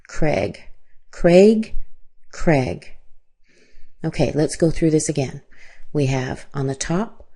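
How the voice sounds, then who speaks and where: Slow, low-voiced American pronunciation teacher. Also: female voice, warm tone. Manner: models words slowly with stretched vowels. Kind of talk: slow, deliberate pronunciation lesson.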